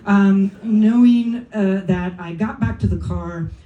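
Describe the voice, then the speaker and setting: A woman's voice: medium pitch, slow pace, warm tone, highs cut off. A woman from California telling a funny personal story on stage, wry and self-deprecating, with profane asides and laughs from the crowd. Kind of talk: live comic storytelling. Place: comedy club stage. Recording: roomy club sound from a distant mic. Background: audience laughter and faint room ambience.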